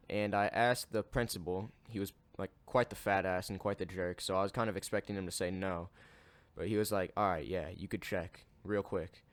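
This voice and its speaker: A man telling an absurd story in a casual storytime monologue, deadpan and matter-of-fact. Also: fairly low pitch, clean tone, no room sound.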